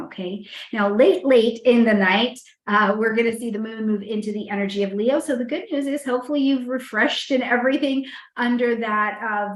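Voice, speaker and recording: A woman astrologer giving a casual weekly horoscope talk, chatty and animated, often checking in with "you know" and "right?". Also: mid-range voice. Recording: echoey room.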